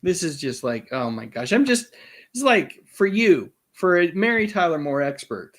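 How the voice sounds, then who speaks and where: A man's voice: sits high, very animated, a bit bright. Chatty man hosting a live trivia quiz. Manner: chatty, reads quiz choices slowly. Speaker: host.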